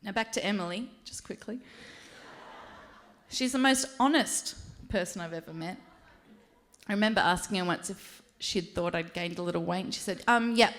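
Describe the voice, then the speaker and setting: A woman's voice: lowish voice, normal speed, a bit bright. A woman giving a maid of honor speech at a wedding reception, reading a prepared toast and laughing and tearing up along the way.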